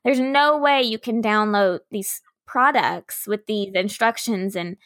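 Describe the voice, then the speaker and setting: A woman's voice: mid-range voice, measured pace, a bit bright, dry recording, clean studio sound. A woman with a Southern US accent, a kindergarten teacher co-hosting a podcast, giving frank opinions in casual chat.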